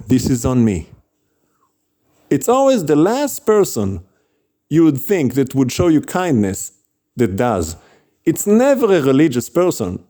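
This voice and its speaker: A man's voice: medium pitch, warm tone. A man casually telling a story about street preaching, chatty, with frequent laughs and fillers.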